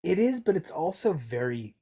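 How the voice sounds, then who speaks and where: A man's voice: fairly high pitch, sing-song, moderate pace, mellow, husky. A man co-hosting a casual podcast, talking at length with many hedges and restarts. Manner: chatty, hedging, full of fillers and restarts. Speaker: podcast co-host. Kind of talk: casual chat.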